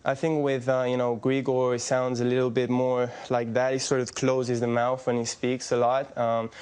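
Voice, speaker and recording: A man's voice: medium pitch, completely flat delivery, a little mellow, clean tone. A young adult man being interviewed as an impressionist, chatty and rambling in a casual way. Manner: chatty, rambling, quick to laugh. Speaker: impressionist guest.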